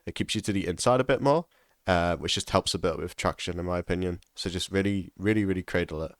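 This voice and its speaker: Deep-voiced man coaching a racing lap. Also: fast, no room sound, clean studio sound. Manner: casual, repeats key tips for emphasis. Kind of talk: instructional commentary over a lap.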